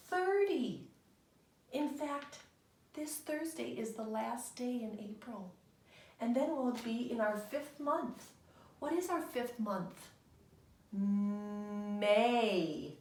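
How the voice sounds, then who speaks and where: A woman leads a remote lesson for young children, speaking slowly in a patient, sing-song teacher voice. The recording is roomy. She sounds a little distant from the microphone. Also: mid-range voice. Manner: slow, patient, sing-song teacher talk with call-and-response. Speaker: kindergarten teacher. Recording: roomy home recording, voice somewhat off-mic.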